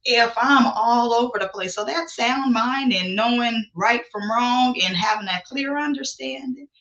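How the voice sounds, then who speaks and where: Bright, lively woman hosting a faith show. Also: fairly high pitch, unhurried, dull audio. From not from the South. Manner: animated, playful, calls listeners family. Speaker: podcast host. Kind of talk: upbeat faith interview.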